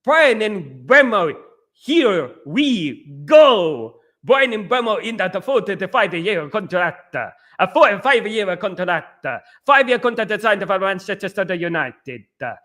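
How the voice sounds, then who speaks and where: A man doing a drawn-out transfer-news announcer voice. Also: sits high, lively intonation, bright, forceful tone. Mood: announcing. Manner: slow drawn-out announcing, repeats phrases. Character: impression of an excitable male transfer reporter.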